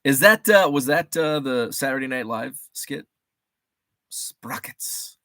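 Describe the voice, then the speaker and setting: A man telling a loose, easygoing story on his livestream, laughing often and stopping to read viewers' comments. His voice sits at an ordinary middle pitch. The sound is dry and close, with no room echo. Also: lively intonation, normal speed, pushed and bright. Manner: rambling, chatty, laughs often, reads chat aloud. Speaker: livestream host. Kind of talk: casual livestream chat.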